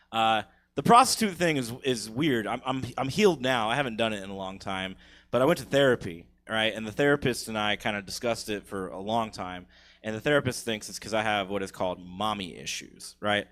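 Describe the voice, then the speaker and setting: A man's voice: medium pitch, lively intonation, moderate pace, a bit bright. A man in his thirties doing a crude, profane stand-up comedy set on a theater stage, laughing at his own jokes.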